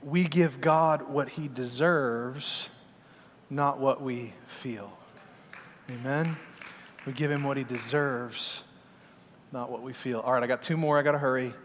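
A middle-aged man preaching a lively sermon, moving between loud exhortation and quiet asides. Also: medium pitch, measured pace, long pauses, slight background noise. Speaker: pastor. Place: large church sanctuary. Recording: hall reverb in a church.

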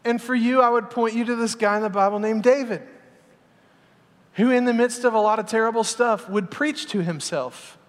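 A middle-aged man preaching a lively sermon, moving between loud exhortation and quiet asides. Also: very high-pitched, moderate pace. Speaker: pastor. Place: large church sanctuary. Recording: hall reverb in a church.

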